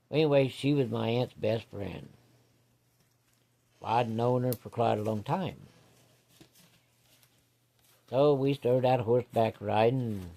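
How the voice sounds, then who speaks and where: A folksy man spins a rambling yarn in a casual spoken-storytelling manner. His voice is mellow and dark, at an ordinary pitch for a man. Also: gravelly.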